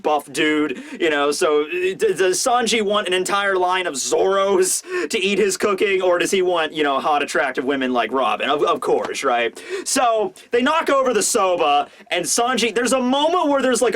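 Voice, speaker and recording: A man reviews a manga chapter in loose, casual commentary. His voice sits high, and he gets excited and rambles with plenty of fillers.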